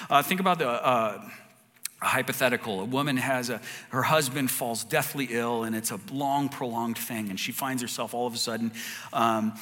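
A man delivers a sermon in an earnest, conversational manner, restarting phrases as he works through his point. His voice is bright and forward. A long reverb from the large room trails each line. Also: medium pitch, normal speed. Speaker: pastor.

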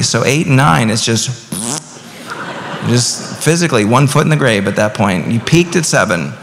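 Man in his thirties, pastor's sermon, gravelly edge, conversational then emphatic, long hall reverb. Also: mid-range voice, lively intonation, moderate pace, fairly bright tone, a little hiss or hum. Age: 30s. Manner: conversational preaching with rising emphatic bursts.

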